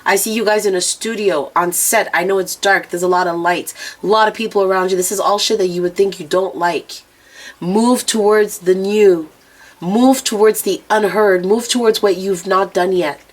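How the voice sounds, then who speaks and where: A woman's voice: medium pitch, fairly even intonation, moderate pace. A woman gives an intuitive spiritual reading outdoors, addressing the viewer directly. She is blunt and unfiltered, with frequent swearing. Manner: frank and profane, speaking straight to the viewer. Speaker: oracle and rune reader. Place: outdoors near planes and traffic.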